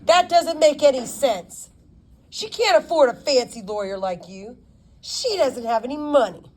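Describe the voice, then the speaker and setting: A woman voicing a gruff, sarcastic male public defender in an audiobook. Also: sits high, animated, unhurried, darkish tone, a little hiss or hum, pitched above the performer's own voice. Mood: irritated. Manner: sarcastic, snappish.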